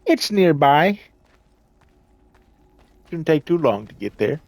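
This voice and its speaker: A man's voice: a little high, big pitch swings, slow, gravelly, no room sound. Chatty, self-mocking gamer man. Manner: chatty, self-mocking, swears and laughs at the game. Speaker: gameplay commentator. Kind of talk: casual let's-play commentary.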